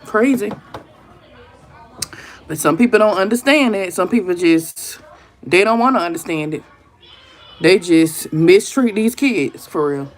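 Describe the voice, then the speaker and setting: A woman's voice: lowish voice, unhurried, pauses often. Woman venting in casual chat. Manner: animated storytelling, talks straight to viewers as "y'all". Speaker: live stream host.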